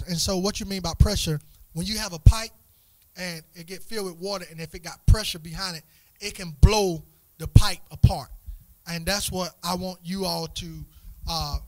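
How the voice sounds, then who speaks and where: Church youth leader guy, high voice, keeps repeating himself, dry close sound. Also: no echo. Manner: repeats words in quick restarts, asks the group questions. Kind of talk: conversational church teaching to young people.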